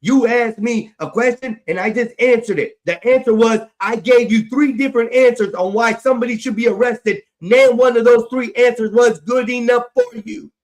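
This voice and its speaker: A man with a strikingly high voice argues on his own stream. He is defiant and angry, and he curses freely as he defends himself. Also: normal speed, hardly any pauses. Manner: angry, defiant, swearing a lot. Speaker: stream host. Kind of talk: heated argument on a live stream.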